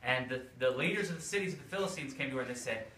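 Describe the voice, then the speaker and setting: A man, a priest, telling a story to children in a playful, animated way. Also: mid-range voice, rapid-fire. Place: church hall. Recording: echoey room, far from mic, faint noise.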